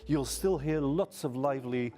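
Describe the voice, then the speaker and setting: A man from London, a guest on a radio talk show. He speaks at mid pitch and tells his stories in a calm, measured way, taking his time. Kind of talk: casual radio chat.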